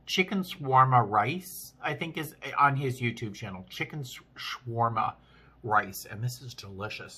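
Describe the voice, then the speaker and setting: A man casually vlogging while eating, chatting with frequent restarts and pauses to chew. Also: lowish voice, pushed and bright, slightly rough. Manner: chatty, chewing between sentences; rambling with many restarts. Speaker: vlogger, flight attendant.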